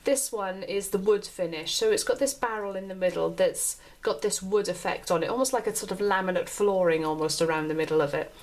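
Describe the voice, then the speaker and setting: Her mid-range voice moves fairly quickly with few pauses as this British host reviews a pen on her show. She keeps things chatty and casual, frequently repeating herself and restarting phrases while describing it.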